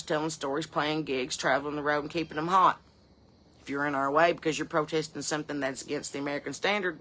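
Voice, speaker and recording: A woman playing a sassy, bright-voiced porch mom. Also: low voice. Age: middle-aged. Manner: rambling, sassy, folksy ranting. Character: sassy chain-smoking Southern mom on her porch. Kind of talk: comedy character monologue.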